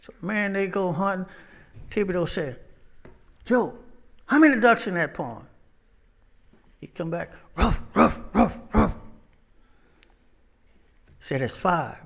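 A man preaching, his voice pitched high and bright. He drifts from folksy jokes into sermon talk with loose, casual grammar. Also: lively intonation, a little slow, long pauses.

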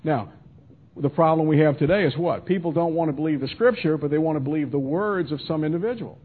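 A man with a somewhat high, husky voice teaches through scripture verse by verse, talking it through conversationally and circling back on his own phrases. His delivery comes over a thin, phone-like radio signal. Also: fast talker. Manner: conversational, with many restarts and asides. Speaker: Bible teacher. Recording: tinny phone-line radio broadcast.

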